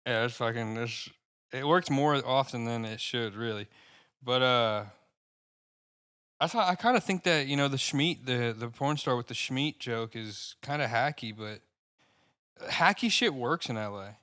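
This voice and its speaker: A man's voice: mid-range voice, bright, forceful tone, clean tone. A young man co-hosting a podcast, chatting casually, swearing a lot and getting worked up as he rambles about stand-up. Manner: profane, rambling, gets worked up fast. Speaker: podcast co-host and stand-up comic.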